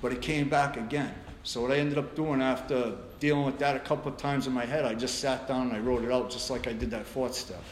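A man's voice: medium pitch, fairly even intonation, fairly quick, few pauses. A middle-aged man telling his recovery story at a meeting, blunt and profane, with many restarts. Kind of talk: personal recovery share. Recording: echoey room with background noise.

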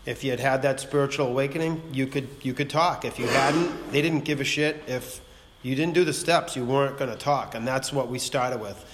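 A man's voice: mid-range voice, fairly quick. A man, telling his story to a recovery meeting in a blunt, profane, rambling way that keeps circling back to "you know what I mean.". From Massachusetts. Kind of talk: personal testimony to a group. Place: meeting room. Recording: long hall reverb, faint noise.

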